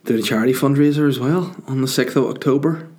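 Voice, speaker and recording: Comic host, man at the tail end of a cold, loose profane rambling, laughs at his own gags, mid pitch. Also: fast talker, darkish tone. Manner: sweary, rambling, self-mocking, laughs at own jokes. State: getting over a cold. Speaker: comedian hosting a podcast. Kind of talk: rambling casual monologue.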